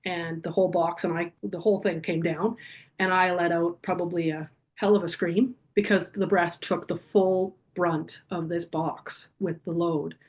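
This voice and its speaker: Guest, middle-aged woman, lower register, earnest and vivid storyteller. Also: fairly even intonation, moderate pace, a little mellow. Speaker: podcast guest. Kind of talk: personal storytelling in an interview.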